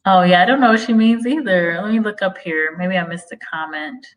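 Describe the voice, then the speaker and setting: A woman's voice: fairly low pitch, fairly quick, poor audio. Give me a chatty young woman from the US hosting a live stream and talking back to viewer comments. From United States. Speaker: livestream host. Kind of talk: casual livestream chat.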